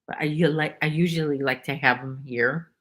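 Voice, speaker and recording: A woman's voice: low-pitched, fairly even intonation, moderate pace, a bit bright. A woman hosting a casual crochet livestream from home, chatting in a rambling way and reading viewers' names aloud. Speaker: livestream host. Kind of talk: casual chat while crocheting.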